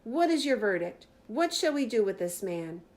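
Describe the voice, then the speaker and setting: Woman playing a pompous booming high priest. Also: very animated, normal speed, a little mellow. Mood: outraged. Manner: commanding, booming accusations. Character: pompous angry high priest, older man.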